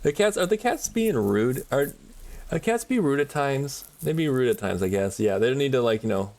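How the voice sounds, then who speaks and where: A man's voice: mid-range voice, animated, normal speed, a little mellow. A man streaming a game, chatting casually and rambling with frequent laughs. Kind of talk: casual chat while gaming.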